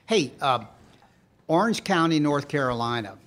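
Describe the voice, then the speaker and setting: A man's voice: a little high, animated, moderate pace, a bit bright. A man hosting a podcast, rambling easily and laughing often. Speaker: podcast host. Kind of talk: casual chat.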